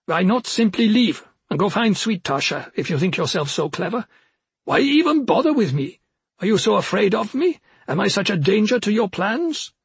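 A cruel ancient witch talks down in a lifted, husky voice, sneering and commanding, as a man puts her on. The storybook reading sounds close and dry. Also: high voice, very animated, normal speed, no echo, pitched above the performer's own voice, full character voice. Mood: menacing. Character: cruel ancient witch, woman, menacing and scornful.

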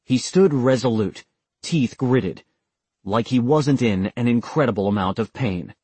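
A male narrator reading an audiobook in a steady, measured voice. His mid-pitched voice has a husky, breathy grain. The recording is dry and close, with no room sound. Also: no room sound.

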